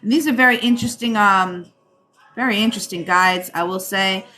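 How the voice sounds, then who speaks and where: A woman with a Rhode Island accent hosting a live stream as a psychic reader. She chats with viewers, calls them darling, and fills pauses with ums. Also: mid-range voice, sharp tone. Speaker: psychic reader and livestream host. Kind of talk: live-stream chat and card reading.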